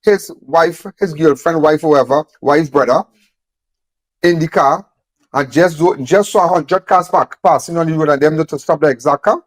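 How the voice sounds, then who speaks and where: A man's voice: fairly high pitch, moderate pace, no echo. A man speaking emphatically, repeating phrases and firing off rhetorical questions. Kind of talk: impassioned on-camera talk.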